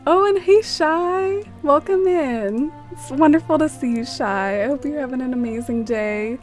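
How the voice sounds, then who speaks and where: Chatty woman streamer, slightly high voice. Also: a little slow, soft background music. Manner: chatty, greets viewers by name, many "like" fillers. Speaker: game streamer. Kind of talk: casual live-stream chat.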